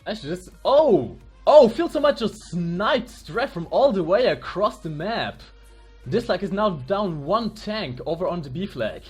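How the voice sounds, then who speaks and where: A man commentating a live tank game match, analytical, breaking into excited exclamations. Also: sits high, a little slow, slightly rough. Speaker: esports commentator. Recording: faint music behind.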